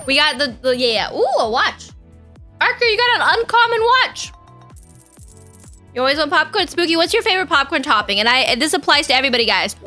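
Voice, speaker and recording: A young woman chats with viewers during a live stream, greeting people and riffing on whatever chat brings up. Her voice is high and bright, and her pitch jumps around a lot. Faint music plays under her talk. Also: expressive, brisk. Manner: bubbly, chatty, reads out chat and greets viewers. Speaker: VTuber streamer.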